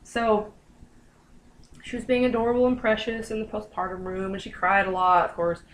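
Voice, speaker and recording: A woman's voice: mid-range voice, normal speed, slight background noise, poor audio. A young woman casually telling a personal story to her viewers, chatty and full of fillers, acting out what people said. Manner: chatty, lots of fillers, animated quoting. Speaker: vlogger.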